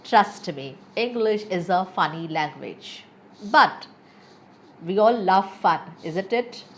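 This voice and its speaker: Woman English teacher, unhurried, pitch swinging widely, careful word-by-word delivery. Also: slight background noise. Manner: deliberate, reads word lists with careful stress. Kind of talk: scripted pronunciation lesson.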